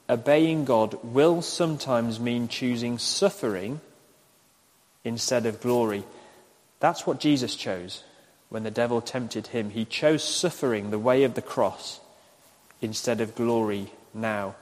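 A man preaching a recorded sermon, speaking slowly and repeating his questions for listeners to write down. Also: medium pitch, a little mellow. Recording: echoey hall with long reverb.

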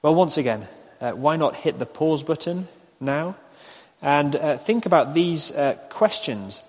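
A man preaching a recorded sermon, speaking slowly and repeating his questions for listeners to write down. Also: fairly high pitch, lively intonation, darkish tone, husky. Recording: echoey hall with long reverb.

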